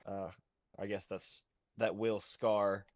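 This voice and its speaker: A man's voice: on the low side, little pitch movement, slow pace, no echo, clean studio sound. A man playing in a tabletop game, describing his character's actions hesitantly with many fillers. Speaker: player.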